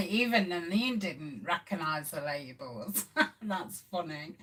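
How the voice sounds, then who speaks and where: A woman's voice: fairly low pitch, lively intonation, slow pace, pauses often, a bit bright, slightly rough. A middle-aged woman hosting a casual craft live stream, chatting with viewers and reading their comments with plenty of ums. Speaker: craft channel host.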